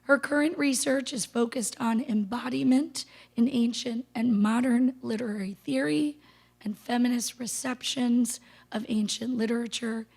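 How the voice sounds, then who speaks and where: A woman with a hoarse voice she has lost, giving a formal introduction of a guest lecturer into a handheld microphone, partly whispering. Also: a little high, a little mellow. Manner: apologetic, partly whispered delivery. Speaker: faculty member introducing the speaker. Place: lecture room.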